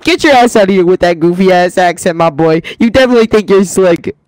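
A man's voice: high-pitched, lively intonation, quick pace, smooth, dry recording, poor audio. A man trash-talking another player over in-game voice chat in a mocking tone. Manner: taunting, mocking. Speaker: other player.

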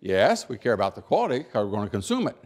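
An older man from the United States giving a keynote speech, telling folksy stories and making points with emphatic pauses and repeated words. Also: fairly low pitch, wildly swooping pitch. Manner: folksy storytelling, acting out little scenes. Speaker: keynote speaker.

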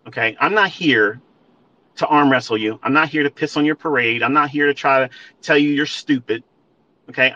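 A trading educator rants at listeners on a live audio stream, profane and emphatic, repeating his points and calling them folks. His voice is on the high side, bright and forceful, with the highs cut off.

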